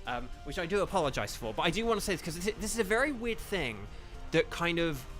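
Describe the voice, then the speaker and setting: A man who works as a voice actor chats casually with viewers during a game stream, wandering off topic, correcting himself and leaning on fillers over faint game music. His voice is on the high side, a bit bright, very animated and fast.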